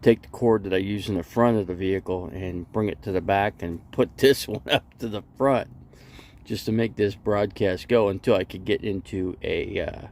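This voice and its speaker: A man's voice: fairly low pitch, normal speed, darkish tone, a little hiss or hum. A middle-aged man hosting a casual live stream from inside his vehicle, speaking into a phone and rambling with lots of restarts. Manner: rambling, repeats and restarts, talkative.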